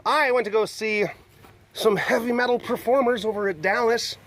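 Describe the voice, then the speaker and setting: A man's voice: very high-pitched, steady tone, moderate pace, fairly bright tone. A man hosting his own webcast, telling a story in a casual, rambling way, self-deprecating and laughing often. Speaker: webcast host.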